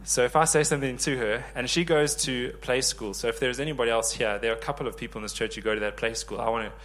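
A man in his thirties preaching a sermon, lively and joking with the congregation. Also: mid-range voice, fast talker. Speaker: pastor.

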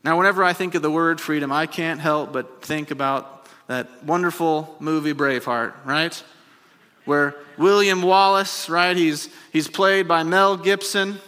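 A man's voice: on the high side, fairly even intonation, a little slow, bright, forceful tone, clean tone. A man preaching a sermon as pastor, building to emphatic repeated refrains and then dropping into chatty asides to the congregation. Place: church sanctuary. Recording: long reverb of a large hall.

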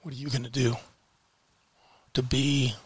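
A man ranting in a frustrated vlog, heated and swearing, repeating phrases for emphasis with weighty pauses. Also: medium pitch, little pitch movement, slightly rough. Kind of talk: frustrated political rant to camera.

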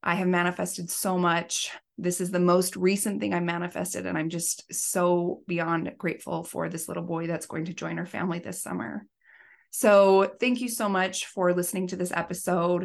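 A woman's voice: fairly low pitch, fairly even intonation, moderate pace, creaky. A woman in her thirties, a life coach and podcast host, telling a personal story in an earnest, emotional way. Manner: emotional, earnest, tearful at times. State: pregnant.

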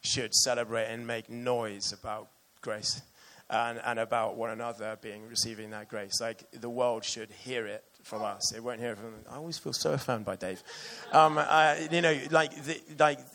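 A man's voice: fairly low pitch, steady tone, normal speed, few pauses, a bit bright, slight background noise. A man preaching a sermon earnestly and with emotion, reading passages aloud to his church.

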